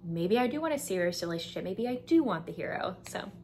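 A young woman with a lilt chats through her book recommendations, peppering every line with fillers. She slips into quick voices for the characters as she retells the stories. Her pitch sits in an ordinary middle range, with a faint hiss in the recording. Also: lively intonation, a little mellow. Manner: chatty, frequent fillers, acts out characters' lines. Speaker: book vlogger.

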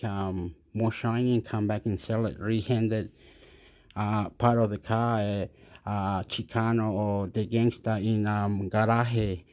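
A man's voice: mid-range voice, warm tone. A man giving rambling, crude commentary over a news clip, swearing often and slipping into Spanish. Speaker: video commentator.

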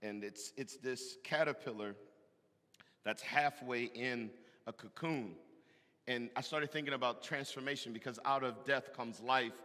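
Animated preacher in a bright, echoing church. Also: male voice, mid-range voice, unhurried. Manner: animated, preaching with loud emphatic bursts and call-and-response. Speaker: pastor. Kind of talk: sermon. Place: large church hall. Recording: echoey hall from a distance.

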